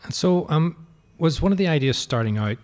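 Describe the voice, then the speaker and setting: A man's voice: on the high side, lively intonation, fairly quick, a little mellow. A man interviewing an author, asking long, curious questions that lead into each topic.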